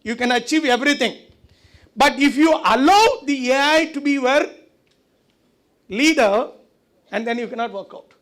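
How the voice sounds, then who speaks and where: A man's voice: very high-pitched, expressive, moderate pace, long pauses, a bit bright. A man giving a conversational lecture at a conference, often asking the audience rhetorical questions. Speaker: conference speaker. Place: conference hall.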